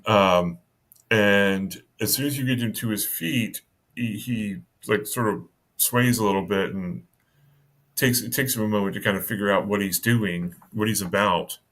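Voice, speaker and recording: A man narrating as game master of a tabletop game, halting and full of fillers. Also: on the low side, a bit bright. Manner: halting, many fillers and restarts.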